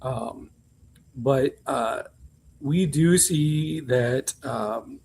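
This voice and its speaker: A man's voice: medium pitch, very slow, gravelly, darkish tone, breathy edge. A man co-hosting a podcast, recapping reality TV in a chatty, candid way with frequent ums and asides. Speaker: podcast co-host. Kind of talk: casual chat recapping reality TV.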